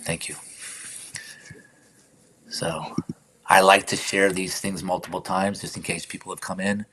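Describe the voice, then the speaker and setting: Man, very low voice, reflective live-stream chat, whispered affirmations, faint hiss behind. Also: little pitch movement, moderate pace, pushed and bright. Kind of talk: casual spiritual chat.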